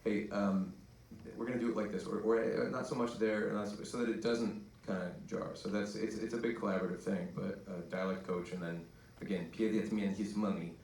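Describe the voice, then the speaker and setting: A laid-back man with a very deep voice jokes his way through a panel answer. He is heard from a distance in an echoey event hall. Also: fairly even intonation, fairly quick, creaky, darkish tone, a little hiss or hum. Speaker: voice actor on a film panel. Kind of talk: casual panel talk.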